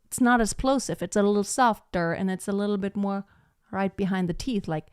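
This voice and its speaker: Speaking fairly quickly in a mid-range, darkish, clean voice, this woman leads a live online singing lesson in clean studio sound without echo. She rambles chattily, leaning on "like" and "you know," and demonstrates sounds herself.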